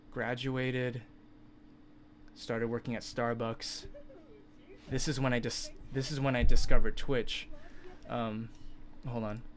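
Animated, swearing young man streamer. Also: medium pitch, slight background noise. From California. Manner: animated, swings into loud incredulous outbursts; swears freely, filler-heavy. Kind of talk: casual storytelling on a livestream.

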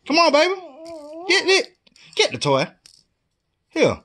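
A young father coaxing his baby to crawl, playful and teasing, dipping low and jumping into high baby talk. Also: huge pitch swings, a little slow, pauses often, sharp tone, slight background noise.

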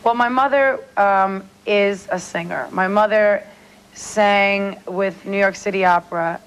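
A woman chatting as a talk show guest over a remote link. She is giggly and self-deprecating, with a voice of middling pitch for a woman. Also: a little slow, clear, resonant tone, poor audio. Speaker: celebrity guest. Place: remote link from New York.

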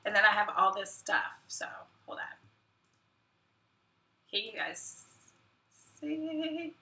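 A woman's voice: mid-range voice, lively intonation, slow, bright, forceful tone. A woman hosting her own live stream in casual chat, self-deprecating and muttering asides to herself. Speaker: YouTube host. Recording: roomy echo, mic at a distance.

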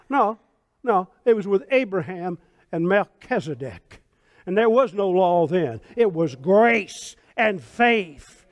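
Pastor guy in his 60s preaching hard, folksy, real high voice, goes quiet then shouts. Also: very animated, normal speed, dry recording. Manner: folksy, fervent preaching that swings from hushed to shouted. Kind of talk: sermon.

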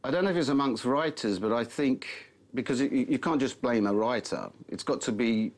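A man's voice: mid-range voice, fairly quick. A man, an actor guest, answering casually and acting out quoted voices. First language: Turkish. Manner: easygoing, acts out quoted voices. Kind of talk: interview answers.

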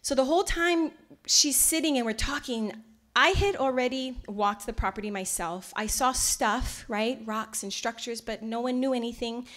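A woman from Hawaii, giving a lecture as a heartfelt storyteller who often drops to a hushed near-whisper. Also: on the high side, normal speed. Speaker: lecture speaker.

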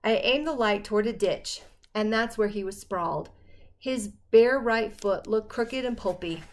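Brief: woman audiobook narrator, mid-pitched, steady first-person storytelling. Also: measured pace.

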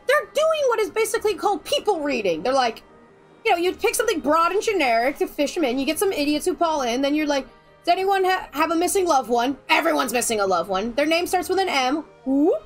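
High-voiced woman chatting over gameplay. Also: sing-song, fast. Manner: laughs a lot, swears, talks over the game. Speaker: let's play co-host. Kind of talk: casual gameplay chat. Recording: game music behind.

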